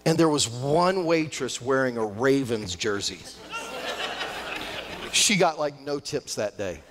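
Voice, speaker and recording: A male pastor preaching a sermon, emphatic, swinging between loud outbursts and hushed lines. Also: medium pitch, expressive, takes it slowly, background noise. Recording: long church hall reverb.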